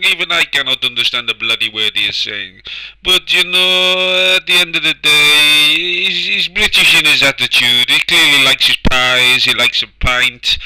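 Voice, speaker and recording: Swaggering foreign football manager with a fake accent, a guy putting it on, super bright sharp voice, all mock-serious. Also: on the high side, full character voice, low-quality recording. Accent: put-on foreign accent. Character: pompous foreign male football manager, boastful and rude.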